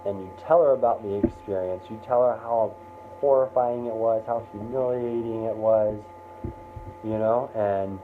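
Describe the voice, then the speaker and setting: A man telling a motivational story in the second person, animated and acting out the scenes, heard over a tinny line. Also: on the low side, normal speed. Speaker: motivational speaker. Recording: tinny phone-like sound, faint noise.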